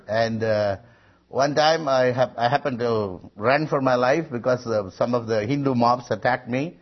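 Husky-voiced man preaching a sermon. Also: mid-range voice. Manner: emphatic, rising voice on quoted lines; frequent hesitations. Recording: muffled lo-fi recording.

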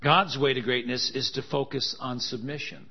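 A man's voice: mid-range voice, moderate pace, slightly rough. A man preaching a sermon, with joking, laughing asides and emphatic contrasts that build in intensity. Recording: dull lo-fi sound.

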